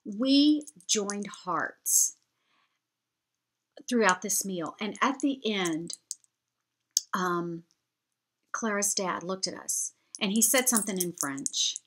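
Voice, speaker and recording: Lady vlogging, telling a story all chatty and heartfelt, bright clear voice. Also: mid-range voice, slow, long pauses. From United States. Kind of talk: storytelling to camera.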